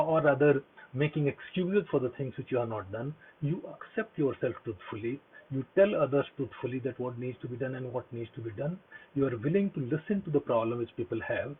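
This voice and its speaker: Brief: earnest male speaker, husky tone, motivational talk, phone-quality audio. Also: medium pitch, brisk. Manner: earnest, repetitive, many fillers and restarts. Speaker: speaker giving a talk on mindfulness. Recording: husky voice over a tinny phone-like line.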